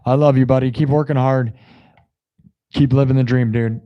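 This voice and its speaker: A hoarse young man streaming live after hours of yelling. He gushes thanks to his viewers in a casual, effusive ramble. He jumps between loud hype and quiet asides. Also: mid-range voice, steady tone, normal speed, muffled recording. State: sore throat from yelling.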